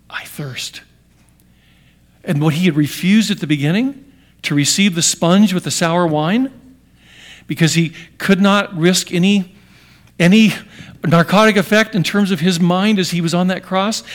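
A middle-aged man delivers a sermon in a slightly high voice. He pushes key lines out loudly, then drops to a quiet hush. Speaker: pastor.

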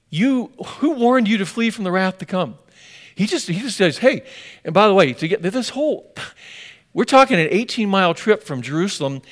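With a fairly high, fairly bright voice, this older man from the US Northwest delivers a sermon as a pastor. Folksy asides color his stories, and he repeats key points emphatically to hammer them home.

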